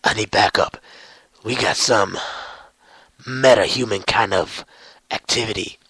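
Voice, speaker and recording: Gruff stern male vigilante hero, low deadpan growl, gravelly, dry close sound, put on by a man. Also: unhurried, dry recording, exaggerated voice. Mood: urgent. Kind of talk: comic recap impression.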